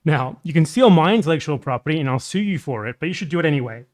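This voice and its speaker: A man's voice: fairly high pitch, lively intonation, fast talker. A man hosting a livestream, reacting to a clip with blunt, sarcastic, profane commentary. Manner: blunt, sarcastic, swears freely.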